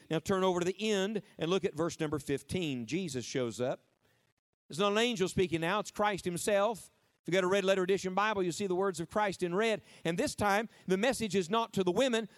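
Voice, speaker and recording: High-voiced man preaching with call-and-response. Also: no echo, studio quality. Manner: call-and-response, drawn-out emphatic words. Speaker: preacher at a camp meeting. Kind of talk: lively interactive sermon.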